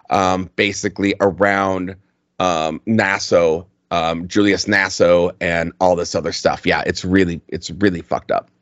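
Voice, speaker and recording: A man's voice: sits low, fairly bright tone, dry recording, muffled recording. A man co-hosting a podcast in casual chat, blunt, profane and mocking as he reviews an album. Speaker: podcast co-host.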